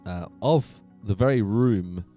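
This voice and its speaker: A man hosting a casual gaming live stream from his home computer room, chatty and animated, laughing often. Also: on the low side, takes it slowly, faint music behind.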